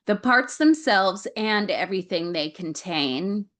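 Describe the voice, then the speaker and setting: A woman's voice: medium pitch, animated, a little slow, a bit bright. A woman on a video call giving an Akashic Records reading, repeating words and relaying what she is shown.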